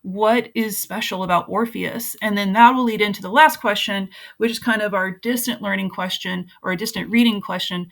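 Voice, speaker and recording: A woman's voice: medium pitch, steady tone, moderate pace, gravelly, few pauses, a bit bright. A woman teacher walking other teachers through her lesson slides in a casual, explanatory way, with frequent ums and uhs.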